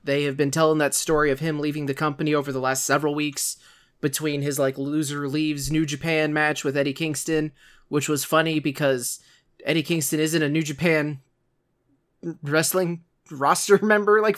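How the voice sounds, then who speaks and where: A man's voice: fairly high pitch, steady tone, moderate pace, a bit bright. A man co-hosting a podcast, chatting casually and rambling with lots of asides. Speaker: podcast co-host. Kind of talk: casual chat.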